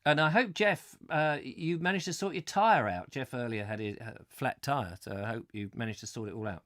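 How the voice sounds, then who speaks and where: A man's voice: medium pitch, normal speed, a bit bright. A man hosting a live stream from home, chatting casually and self-deprecatingly to his viewers.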